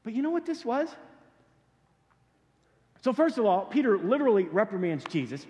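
A male pastor preaching a sermon in a casual, animated storytelling way, with slangy asides. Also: high voice, normal speed, pauses often. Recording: long hall reverb.

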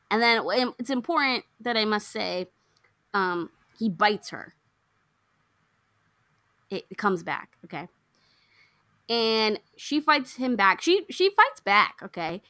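A young woman casually recapping a film plot, acting out the characters' lines with lively swings. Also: mid-range voice, dry recording, clean studio sound. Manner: animated storyteller, acts out characters' lines. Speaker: podcast co-host recapping a film. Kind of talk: casual chat.

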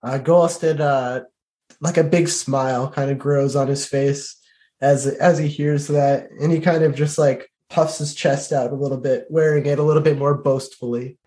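A man's voice: mid-range voice, fairly even intonation, moderate pace, dark tone. Hesitant man playing a knight. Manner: hesitant, many fillers and restarts. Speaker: player. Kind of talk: tabletop role-play, describing his knight.

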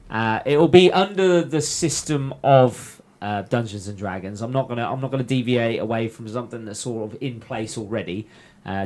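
A man's voice: medium pitch, a little mellow. A man chatting casually on a podcast as the game master, rambling with frequent fillers and restarts.

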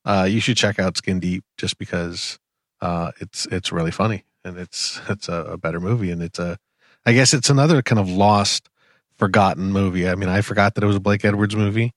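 Low-voiced man rambling about films. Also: steady tone, a little fast, no room sound, clean studio sound. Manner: rambling, full of filler words. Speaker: podcast co-host. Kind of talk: casual chat.

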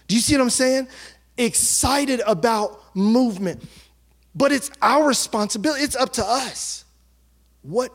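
High-voiced pastor preaching, animated storyteller. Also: male voice, husky. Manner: animated storytelling, acting out townspeople's chatter; drops to a hush for emphasis. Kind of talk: sermon.

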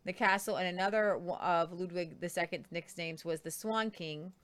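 Woman co-host, lowish voice, chatty storyteller. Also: fairly even intonation, normal speed, fairly bright tone, smooth. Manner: conversational, stumbles over names. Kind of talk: casual news commentary.

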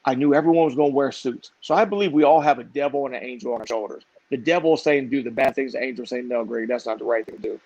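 A middle-aged man telling a story in lively conversation, acting out the voices of the people in it. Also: mid-range voice, fast, hardly any pauses, dry recording. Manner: animated, acts out quoted voices. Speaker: podcast guest. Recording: dull, dry, lo-fi sound.

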